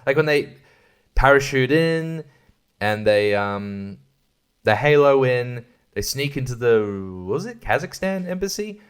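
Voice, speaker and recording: A man's voice: medium pitch, expressive, unhurried, clean tone. A man hosting a podcast, chatting casually about a film in a rambling, joking and profane way. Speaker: podcast host. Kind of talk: casual film-review chat.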